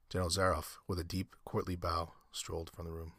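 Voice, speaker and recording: A man reading a short story aloud as an audiobook, in a measured storytelling manner. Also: low-pitched, completely flat delivery, fairly bright tone, breathy edge, no echo, studio quality. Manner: measured storytelling with occasional restarts. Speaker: narrator.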